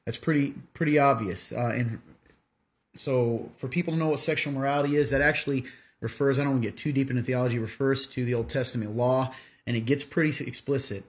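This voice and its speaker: A man's voice: medium pitch, fairly even intonation, fast. A man hosting a casual faith podcast, plainly and steadily answering questions about the Bible. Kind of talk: casual teaching talk.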